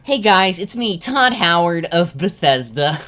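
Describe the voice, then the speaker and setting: A streamer putting on a quick impression of an upbeat male game studio head giving a folksy greeting. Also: medium pitch, sing-song, sharp tone, voice pushed up. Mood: chipper.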